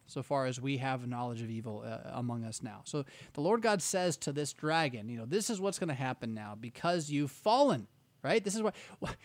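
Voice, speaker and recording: A man's voice: a little high, dry recording. A man giving conversational Bible teaching, rambling and self-interrupting, with wry asides.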